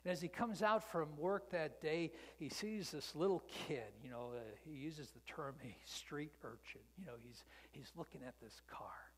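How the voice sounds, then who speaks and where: Male preacher, husky voice, whispers then swells, long hall reverb. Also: on the high side, moderate pace, few pauses. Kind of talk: sermon storytelling.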